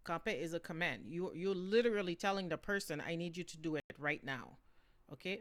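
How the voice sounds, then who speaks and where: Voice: medium pitch, a little fast, fairly bright tone. Chatty bilingual language teacher. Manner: explains in switching languages, checks in with "okay?" and "right?". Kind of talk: casual spoken lesson.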